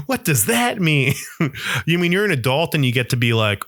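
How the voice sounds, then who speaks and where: A man's voice: medium pitch, very animated, moderate pace, fairly bright tone, no room sound, studio quality. A young adult man hosting a podcast, telling rambling, self-mocking comic stories in a monologue. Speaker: podcast host.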